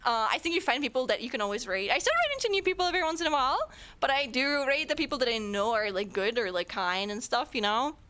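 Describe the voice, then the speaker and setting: Animated bright-voiced German woman streamer. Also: sits high, fast. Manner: chatty, giggly, playful. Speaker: Twitch streamer. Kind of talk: casual chat with live chat.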